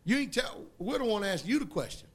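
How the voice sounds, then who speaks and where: A man preaching a sermon in a folksy, emphatic way, drawing call-and-response from the congregation and rising to loud outbursts. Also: high-pitched, sing-song, fast talker.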